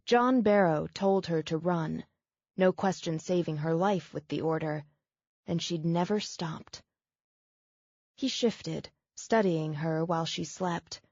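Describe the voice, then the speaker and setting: Steady audiobook narrator, a woman, dry close sound with muffled highs. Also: takes it slowly, dry recording.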